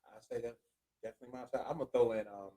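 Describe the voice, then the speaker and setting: On a low-quality recording, a male podcast host talks very fast in a mellow, mid-range voice with fairly even intonation. He tells stories in a laid-back way during a casual chat, addressing listeners directly.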